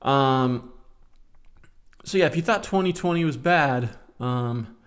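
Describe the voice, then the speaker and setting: A man's voice: mid-range voice, takes it slowly, pauses often, clean tone. A man in his forties hosting a casual solo podcast, reading out comments and adding sarcastic commentary. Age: 40s. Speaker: podcast host.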